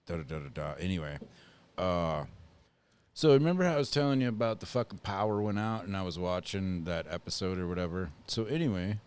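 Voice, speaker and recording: A low-voiced man rambling through a story on a podcast, swearing and losing his thread. His voice sits deep and easy. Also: lively intonation, a little fast, darkish tone, clear, resonant tone. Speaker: podcast co-host. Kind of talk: casual chat.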